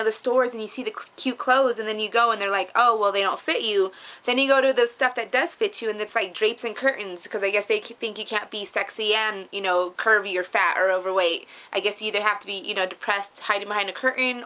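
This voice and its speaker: Bubbly middle-aged woman vlogging, bright fairly high voice, gushes and repeats herself. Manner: bubbly and effusive, repeats words for emphasis. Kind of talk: casual upbeat weight-loss update vlog.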